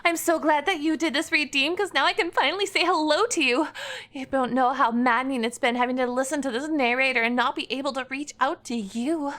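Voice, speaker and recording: High-voiced playful woman streamer, chatty, greets viewers, sudden squeals. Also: fairly quick, fairly bright tone. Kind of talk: casual livestream chat.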